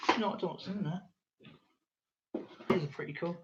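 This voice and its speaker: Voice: medium pitch, a little fast, very noisy. A host chatting casually to viewers on a live stream while showing a coin collection, rambling and talking straight to the audience. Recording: dull lo-fi sound.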